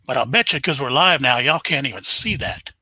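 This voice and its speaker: A man's voice: medium pitch, lively intonation, a little fast, pushed and bright, slightly rough, dry recording, poor audio. An older man, hosting a casual live stream, chatting and greeting viewers by name.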